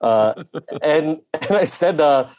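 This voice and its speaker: A man speaking as an actor and guest, telling a candid story in conversation, lively, slipping into the voices of the people he quotes. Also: fairly high pitch, takes it slowly. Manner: animated storyteller who acts out quoted voices.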